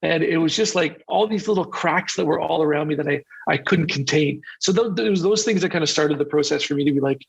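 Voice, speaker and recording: A man's voice: on the high side, fast talker, creaky, few pauses, breathy edge, muffled recording. A man who is a guest on a podcast, telling personal stories openly and confessionally in a casual conversation. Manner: open, confessional storytelling.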